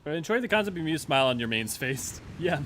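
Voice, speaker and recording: A man's voice: a little high, very animated, quick pace, a bit bright, slight background noise. A man streaming a game, making tired, self-mocking casual asides to chat.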